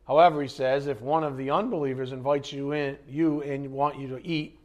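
Man, Bible teacher, conversational teaching, blunt, rhetorical questions, mid-pitched voice. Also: fairly even intonation, a little fast, a little mellow.

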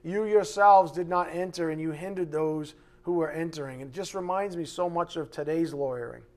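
A man preaching an expository sermon, animated, mocking the voices of his opponents and shouting for emphasis. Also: on the high side, normal speed.

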